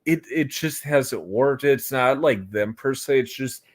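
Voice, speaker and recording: Hesitant and rambling, this livestream interview guest, a young man from Florida in the United States, restarts often and uses many fillers. His voice is medium-pitched, and he keeps a measured pace.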